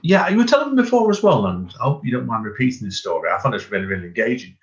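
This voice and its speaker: A man hosts a casual interview, chatty and encouraging, asking rambling questions in a medium-pitched, sing-song voice at a very fast clip. The lo-fi audio is dull, with a little hiss or hum.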